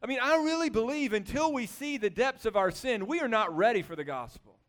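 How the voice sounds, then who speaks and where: A man preaches with a notably high and smooth, resonant voice. His delivery is conversational and animated, full of rhetorical questions aimed at his listeners. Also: brisk. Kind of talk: sermon.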